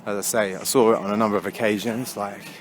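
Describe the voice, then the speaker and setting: A man's voice: fairly low pitch, steady tone, fast. A young man talks into a handheld camera while walking through town. His chat is loose and slangy, full of swearing and laughter. Faint street and traffic noise sits behind him. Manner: chatty, swears a lot, laughs often, slangy. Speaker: vlogger. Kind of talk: casual walking vlog. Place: outdoors on busy town streets.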